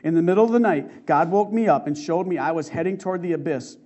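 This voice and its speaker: A woman's voice: on the low side, quick pace, dark tone, natural voice. A man voicing a remorseful young woman, anguished and urgent, in a muffled lo-fi recording. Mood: urgent, shaken.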